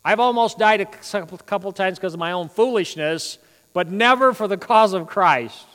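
High-pitched guy preaching in a church, big hall echo, gets loud then drops way down. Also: moderate pace. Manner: animated preaching, swings between loud emphasis and quiet asides. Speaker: pastor. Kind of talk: sermon. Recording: long reverb of a large hall.

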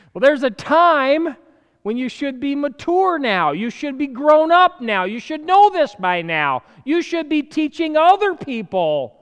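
A man preaching a sermon in an animated way, swinging from loud, urgent bursts to quiet asides, with the odd chuckle. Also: extremely high pitch, unhurried, long reverb tail.

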